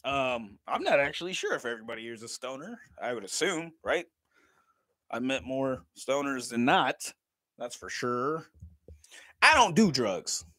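A man's voice: mid-range voice, big pitch swings, unhurried, bright, forceful tone, no room sound. A man, chatting casually on a livestream, joking, laughing often and swearing freely. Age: 30s. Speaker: livestream vlogger.

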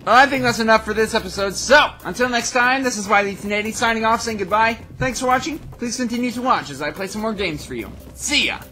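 A young man doing goofy, excitable let's play commentary as a gaming YouTuber, often breaking into shouts. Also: sits high, quick pace, few pauses, soft background music.

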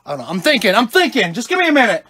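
A man, a family channel dad, shouting in panic and short of breath during a staged comedy skit at home, filmed on a handheld phone. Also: sits high, wildly swooping pitch, racing, a little hiss or hum. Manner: breathless, exclamatory. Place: home, indoors. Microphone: handheld phone camera.

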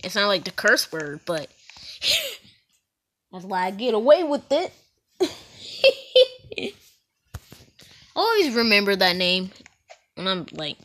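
A woman's voice: medium pitch, very animated, slow, pauses often, fairly bright tone. A woman hosting a gaming channel, giving casual gameplay commentary in a playful, giggly way with silly outbursts.

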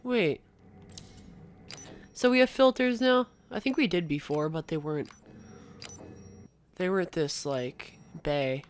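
A young man giving casual gameplay commentary, gushing with excited exclamations and coughing now and then after being ill. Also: on the high side, slow pace, long pauses, slight background noise. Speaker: gaming YouTuber.

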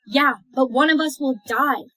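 A young woman acting out comedy skits, dramatic and whiny, mocking and quick to shriek. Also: high voice, sharp tone, no room sound, poor audio. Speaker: skit creator. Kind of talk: comic POV skit acting.

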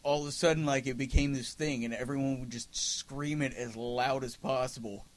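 A former Marine who is a podcast guest, recalling shared memories in a lively, amused way. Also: male voice, medium pitch, moderate pace. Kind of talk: casual chat.

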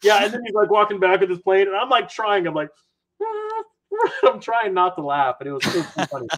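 A man who is a finance video maker, chatting casually as a podcast guest with animated, self-mocking storytelling. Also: sits high, fairly quick, poor audio.

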